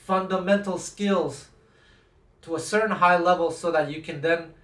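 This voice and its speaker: A man's voice: fairly high pitch, a bit bright. A man, a guitar teacher, talking casually to camera, acting out quoted dialogue with frequent restarts. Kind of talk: casual talking-head lesson. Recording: roomy echo, speaking from a distance from the mic.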